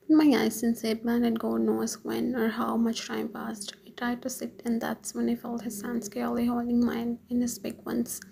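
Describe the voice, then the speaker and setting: A woman reading a romance story aloud in first person, in a whispered role-play with a breathy, hushed voice. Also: on the high side, monotone, normal speed, hardly any pauses, a crowd in the background, poor audio. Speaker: fan fiction reader.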